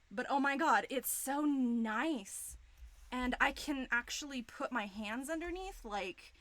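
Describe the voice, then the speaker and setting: A woman in her thirties chatting on a live stream, gushing and excitable, swearing freely. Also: a little high, dry recording. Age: 30s. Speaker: streamer and digital artist. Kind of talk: casual live-stream chat. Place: home studio room.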